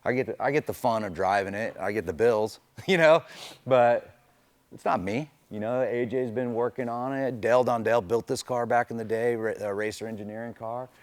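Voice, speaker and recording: A man's voice: mid-range voice, moderate pace, dry recording. A middle-aged man, a race car driver, telling stories in a loose, chatty way full of "you know" fillers. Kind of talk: casual storytelling interview.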